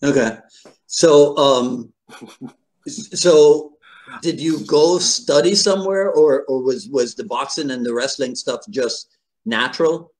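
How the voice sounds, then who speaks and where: Slow-talking male podcast host. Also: mid-range voice, rough recording. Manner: unhurried, frequent short acknowledgments. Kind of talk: casual interview.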